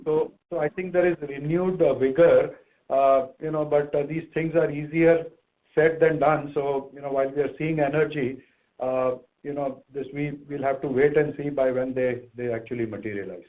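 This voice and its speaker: A man speaking as a company executive on an earnings conference call, halting and hesitant, with many restarts. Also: on the high side, fairly even intonation. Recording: phone-line audio.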